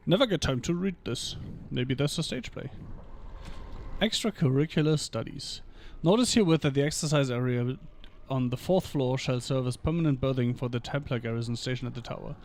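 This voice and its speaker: A man streaming a video game, reading in-game lore texts aloud in an even manner and dropping dry short asides between passages. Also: mid-range voice, fairly quick.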